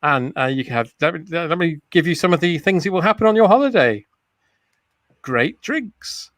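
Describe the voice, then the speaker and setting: Guy hosting a comedy chat, deadpan fake sales pitch, dry close sound, a bit high. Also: moderate pace, dry recording. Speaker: host. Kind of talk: comic improvised sales pitch.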